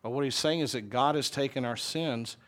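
A man's voice: mid-range voice, normal speed, fairly bright tone. A middle-aged man with a Southern US accent, a pastor preaching a conversational, folksy sermon and asking the congregation questions.

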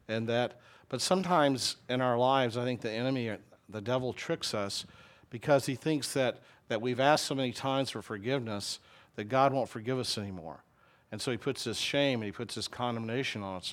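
A middle-aged pastor with a Southern US accent and a mid-range voice delivers a folksy, conversational sermon, putting questions to the congregation.

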